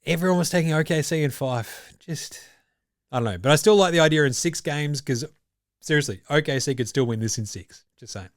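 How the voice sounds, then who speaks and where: A man's voice: fairly high pitch, brisk, no room sound, clean studio sound. A man with an Australian accent hosting a basketball podcast in casual, profane, blokey banter. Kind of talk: casual sports chat.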